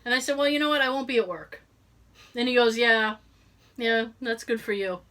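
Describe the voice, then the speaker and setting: A woman's voice: fairly high pitch, normal speed. A middle-aged woman co-hosting a podcast, telling a story in casual chat and acting out the voices of the people in it. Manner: animated, acts out quoted voices, laughs often. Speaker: podcast co-host.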